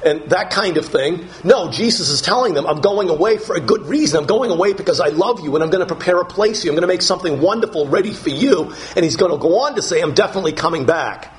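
Man, sermon, preacher, emphatic scripture reading, slightly high voice, faint hiss. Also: lively intonation. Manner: slow, emphatic scripture reading, rising to higher pitch when dramatizing.

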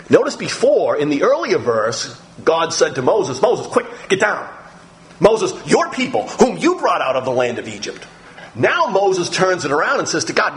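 A man preaching a sermon, reading scripture aloud and acting out the quoted voices with sudden, dramatic lifts in his voice. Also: normal speed. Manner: animated, acts out quoted speech with big pitch jumps.

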